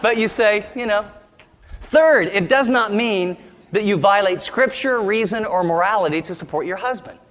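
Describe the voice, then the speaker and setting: High-voiced man preaching in a hall. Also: moderate pace, fairly bright tone. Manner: emphatic, with humorous asides. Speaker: pastor. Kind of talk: sermon.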